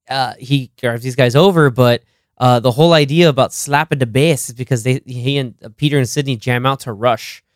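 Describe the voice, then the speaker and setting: A man co-hosting a casual movie podcast, retelling scenes in a rambling, animated way with lots of laughter. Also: medium pitch, smooth, no room sound, clean studio sound. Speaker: podcast co-host. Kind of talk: casual film-review chat.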